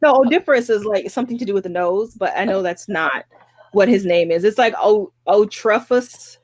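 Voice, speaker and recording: Brief: a talkative woman reviewer, mid-pitched, dry close sound, fed up with tropes. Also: normal speed, no echo. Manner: chatty, exasperated, stumbles over names. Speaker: book review podcast co-host. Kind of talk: casual chat.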